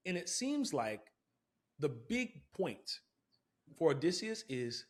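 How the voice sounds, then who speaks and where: Male podcast host, slightly higher voice, reflective and earnest with emphatic peaks. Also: very animated, slow. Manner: reflective, builds to emphatic bursts. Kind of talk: casual movie review chat.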